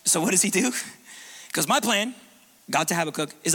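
High, bright-voiced preacher in a hall. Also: male voice, normal speed, long pauses, husky. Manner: conversational and animated, with many restarts and "like". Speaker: pastor. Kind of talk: sermon. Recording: long reverb of a large room.

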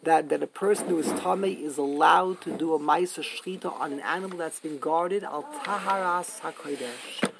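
A man's voice: on the high side, normal speed, vocal fry, few pauses, background noise. A man giving a Talmud class lecture, explaining emphatically and repeating himself, mixing Yiddish and Hebrew terms. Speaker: Talmud teacher.

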